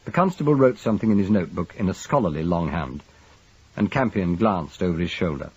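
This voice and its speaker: A man narrating a detective novel as an audiobook, measured and expressive. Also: deep voice, slightly rough, muffled recording.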